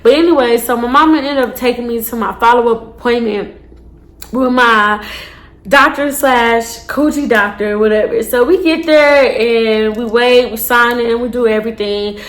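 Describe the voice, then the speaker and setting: A woman tells her storytime straight to her viewers. Her voice sits somewhat high, and she talks in a loose, profane, animated way, like a vlogger chatting with her followers. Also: moderate pace. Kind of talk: casual storytime.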